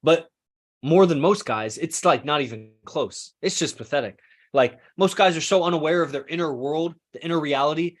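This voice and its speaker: Rambling man with a slightly high voice. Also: normal speed. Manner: rambling, swears freely, self-correcting. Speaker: podcast host. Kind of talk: casual philosophical monologue.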